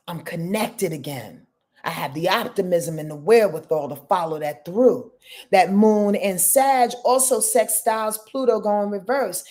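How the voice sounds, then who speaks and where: A woman hosting a casual live-stream astrology reading, expressive and chatty, speaking straight to her viewers. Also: mid-range voice, a little slow. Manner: expressive, talks straight to viewers, greets chat by name.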